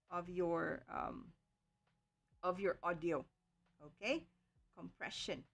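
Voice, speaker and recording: A woman's voice: medium pitch, a bit bright. A woman teaching an online livestream lesson, explaining carefully with many checks of "okay" and filler sounds. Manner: slow, careful explaining with frequent okays and ums. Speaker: online tutor.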